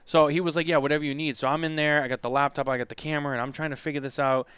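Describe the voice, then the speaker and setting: Smooth-voiced man telling a rambling story. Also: fairly high pitch, fairly even intonation, rapid-fire, a bit bright, no echo. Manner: rambling storyteller with many restarts. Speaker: podcast co-host. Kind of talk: casual chat.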